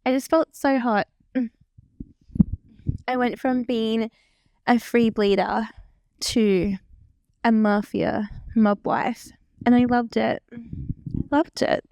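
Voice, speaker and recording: A woman's voice: on the high side, steady tone, slow, pauses often, a little mellow, no room sound, clean studio sound. Chatty self-deprecating young woman vlogger. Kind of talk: casual reaction chat.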